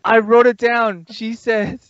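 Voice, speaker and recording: A man's voice: extremely high pitch, little pitch movement, measured pace, a bit bright, no echo. A man in a casual movie review chat, swearing and exasperated. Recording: dull lo-fi sound.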